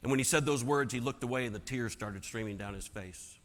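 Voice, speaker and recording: A man telling a personal story as a keynote speaker, dramatic and swinging from hushed to loud. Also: medium pitch, brisk. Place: large conference hall. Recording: long hall reverb.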